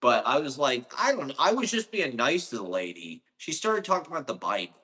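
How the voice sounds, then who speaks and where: A man from Ohio rambles through a solo monologue, sarcastic and heavy on the profanity. His voice sits at an ordinary pitch but has a bright, forceful edge. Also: very animated, brisk. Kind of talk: casual ranting monologue.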